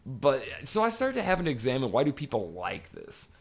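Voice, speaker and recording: A man's voice: medium pitch, huge pitch swings, moderate pace, vocal fry. A man co-hosting a podcast, ranting emphatically and swearing constantly in casual chat. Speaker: podcast co-host. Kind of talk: profane casual podcast rant.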